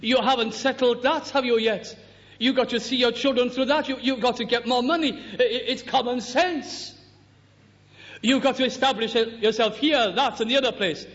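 A preacher doing a coaxing Satan. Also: male voice, very high voice, steady tone, a bit bright. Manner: persuasive, brisk, dismissive. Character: Satan, a coaxing, reasonable-sounding male tempter. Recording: dull lo-fi recording in a reverberant hall.

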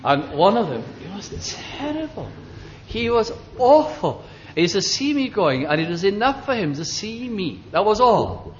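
An older man preaching and reminiscing gently, halting often as he recalls details, in a dull lo-fi recording. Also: high-pitched, very animated, slight background noise. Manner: gentle, halting, with many fillers and restarts. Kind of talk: reminiscing sermon.

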